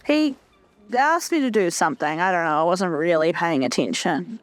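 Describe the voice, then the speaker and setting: A woman's voice: fairly low pitch, expressive, moderate pace. A young woman casually commenting on a video game she plays, chatty and profane with a self-mocking streak. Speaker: gaming channel host. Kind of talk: casual let's play commentary.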